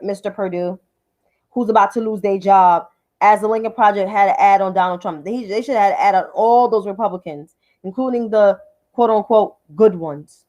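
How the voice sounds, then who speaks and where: A woman's voice: mid-range voice, dark tone. A woman hosting a livestream of political commentary, combative and profane, repeating names for emphasis.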